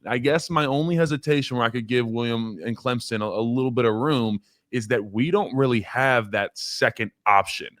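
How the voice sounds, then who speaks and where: A man's voice: mid-range voice, normal speed, hardly any pauses, a bit bright, no echo, clean studio sound. A man who once played college football, chatting casually on a sports podcast, rambling, repeating words and laughing at his own stories. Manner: rambling, self-deprecating, laughs while telling stories. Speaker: former college offensive lineman, guest.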